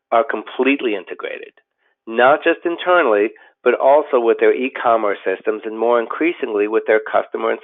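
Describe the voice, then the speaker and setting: A man, a company president, giving a scripted business webinar in a steady, explanatory way with occasional fillers and restarts. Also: lowish voice. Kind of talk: scripted webinar presentation over slides. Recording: tinny phone-like audio.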